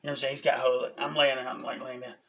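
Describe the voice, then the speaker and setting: A man, telling a personal story in a casual, animated way, often asking "you know what I'm saying?". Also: medium pitch, very fast. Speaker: vlogger.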